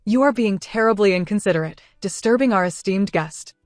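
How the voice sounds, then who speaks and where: A woman's voice: mid-range voice, a little fast, dry recording, clean studio sound, soft background music, natural voice. A woman voicing a flustered middle-aged orphanage director in a scolding manner.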